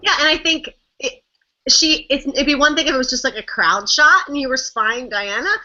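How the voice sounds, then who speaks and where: A woman co-hosting a casual fan chat, lively and self-deprecating, laughing often. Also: high voice, moderate pace. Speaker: podcast co-host. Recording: muffled lo-fi audio.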